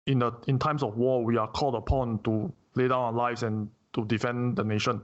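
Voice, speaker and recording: A man arguing his point with earnest conviction in a casual chat, at a mid pitch. The audio is muffled and lo-fi. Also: fairly even intonation, a little fast. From Singapore. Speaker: guest. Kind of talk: casual conversation.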